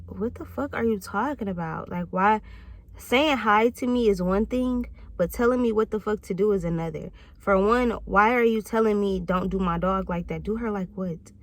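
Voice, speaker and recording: A woman's voice: mid-range voice, fairly bright tone, no echo. Woman, 30s, vlog host, candid monologue, profane, reflective, dry sound. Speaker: channel host.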